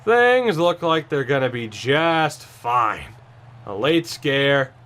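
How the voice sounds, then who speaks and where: A man giving casual commentary over his own video game match, tired and sarcastic, breaking into sudden excited outbursts. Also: medium pitch, slow pace. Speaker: gaming YouTuber.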